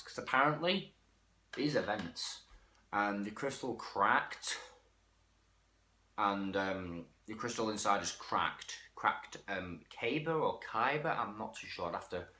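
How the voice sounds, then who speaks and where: Casual male toy reviewer; frank and self-correcting, lively delivery, roomy sound. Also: on the low side, slight background noise. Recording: echoey room.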